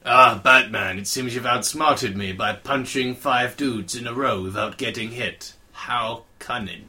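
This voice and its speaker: A man voicing a smug, gloating male supervillain in a drawn-out, mock-theatrical delivery. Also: mid-range voice, sharp tone.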